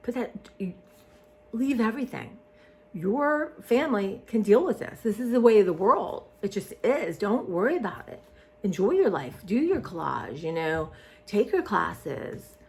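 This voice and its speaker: A woman's voice: medium pitch, very animated, unhurried. A woman, vlogging in a rambling casual chat that trails off and restarts often.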